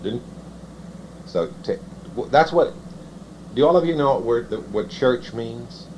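Preacher, deliberate and halting. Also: male voice, medium pitch, expressive, a little mellow. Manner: slow deliberate reading with halting, self-correcting explanations. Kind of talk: sermon, reading scripture then teaching. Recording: dull lo-fi sound with faint noise.

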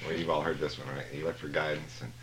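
A man leading a casual Bible study group, telling stories and jokes in a lively way. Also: very deep voice, fast, slight background noise, poor audio. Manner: storytelling, animated jokes.

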